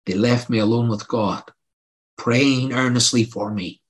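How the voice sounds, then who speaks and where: A man's voice: medium pitch, steady tone, a little slow. An older man preaching a sermon, telling his own testimony in an earnest, pleading way that rises to emphatic outbursts.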